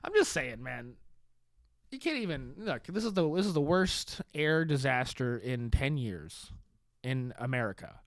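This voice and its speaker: A man's voice: mid-range voice, measured pace, no echo. Sarcastic man, dry close sound. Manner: deadpan satire, swears, laughs at own jokes. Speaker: podcast host. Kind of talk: sarcastic comedic monologue.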